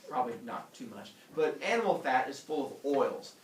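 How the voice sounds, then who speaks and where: Animated man telling a myth to a class. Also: medium pitch, normal speed, a little hiss or hum. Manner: animated, acts out characters with silly voices. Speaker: teacher. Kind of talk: storytelling lesson to students. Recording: echoey room from far off.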